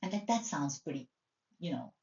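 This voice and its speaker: A woman's voice: low voice, expressive, moderate pace, gravelly, mellow. Lady coach chatting away about her day, acts out her own thoughts, roomy dull recording. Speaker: life coach and therapist. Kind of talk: casual personal storytelling. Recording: roomy, distant, dull sound.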